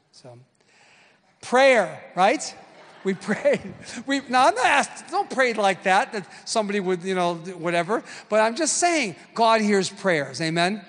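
High-voiced older preacher in a reverberant hall. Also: male voice, lively intonation, measured pace, fairly bright tone. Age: 60s. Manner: storytelling, punchy call-and-response. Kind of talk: sermon.

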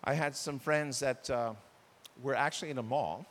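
A man's voice: mid-range voice, moderate pace, in a large hall. A man preaching a sermon about marriage, acting out arguments between spouses. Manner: animated, acts out quoted spouses. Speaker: pastor.

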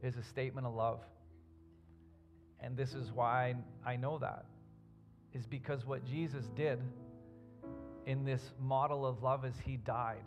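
A man's voice: medium pitch, little pitch movement, measured pace, long pauses, music in the background. A man preaching a sermon as a pastor, earnest and building his points with emphasis.

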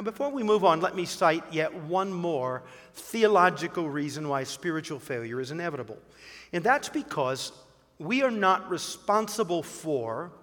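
A man's voice: a little high, fairly bright tone, big-room sound. A man who is a pastor, preaching a sermon emphatically with rhetorical questions and a personal story.

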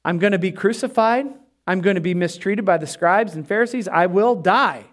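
Jesus speaks as a patient male teacher, earnest and insistent, as a preacher puts him on in a sermon. The high voice presses the same point again and again. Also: normal speed, lightly acted.

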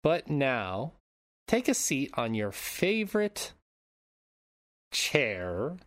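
A man's voice: medium pitch, sing-song, extremely slow, a bit bright, dry recording. A man hosting a casual movie podcast, reading plot summaries and cracking crude jokes. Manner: crude joking, reads plot summaries aloud. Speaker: podcast host. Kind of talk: casual movie recap chat.

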